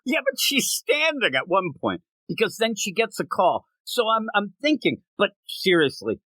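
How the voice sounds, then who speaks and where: A man co-hosting a comics podcast in casual chat, animated and laughing often as he acts out quick voices. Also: high voice, no echo, low-quality recording. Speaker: podcast co-host.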